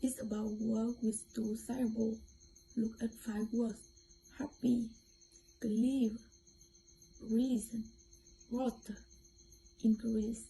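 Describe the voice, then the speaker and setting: A young woman with a Vietnamese accent reading a class presentation aloud as a student presenter, carefully and haltingly, with some restarts. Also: fairly high pitch, little pitch movement, gravelly, dark tone, a little hiss or hum, low-quality recording.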